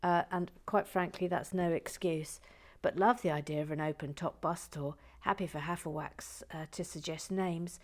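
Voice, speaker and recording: A woman's voice: fairly low pitch, steady tone, moderate pace. A woman reading out listener messages in a casual, giggly chat, often trailing off into whispers. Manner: giggly, self-interrupting, drops into whispers.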